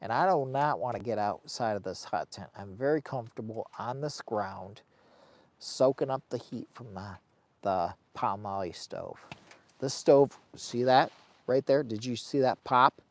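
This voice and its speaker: A man's voice: medium pitch, unhurried. A middle-aged man, a camping vlogger, talking casually and emotionally from inside a heated tent on a cold, windy day. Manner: rambling, colloquial, emotional. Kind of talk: casual livestream chat.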